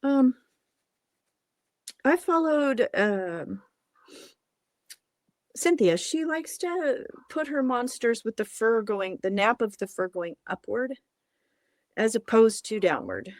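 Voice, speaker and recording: A woman's voice: on the high side, animated, slow pace, long pauses, dry recording, studio quality. A woman puppet maker talking casually through her work on a livestream, outdoors, apologizing often. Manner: chatty, self-apologetic.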